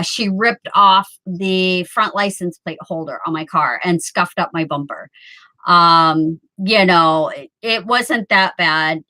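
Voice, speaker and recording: A woman's voice: medium pitch, bright, forceful tone, rough recording. A woman in her early fifties chatting casually with viewers from home on a webcam, rambling and laughing often. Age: 50s. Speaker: live streamer chatting with viewers. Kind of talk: casual chat.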